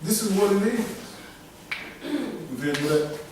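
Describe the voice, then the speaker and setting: A man preaches with emphatic force, urging a reader on between passages. His higher voice rings through a very reverberant room. The mic sits some way off, with faint room ambience behind him. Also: expressive, measured pace, recorded from a distance, noisy background. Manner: emphatic, preaching in dialect with call-and-response to a reader. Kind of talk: sermon.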